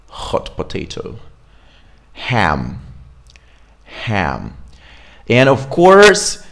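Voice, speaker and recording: A man, coaching pronunciation in a relaxed, chatty way. He models words slowly one by one and keeps asking "right?" to check that his listeners follow. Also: lowish voice. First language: Russian. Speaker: accent coach. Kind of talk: casual pronunciation lesson.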